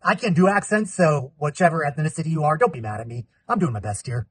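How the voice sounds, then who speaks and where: A man's voice: fairly high pitch, expressive, quick pace, hardly any pauses, slightly rough. A man in his forties from California hosting an upbeat movie review vlog with jokey asides.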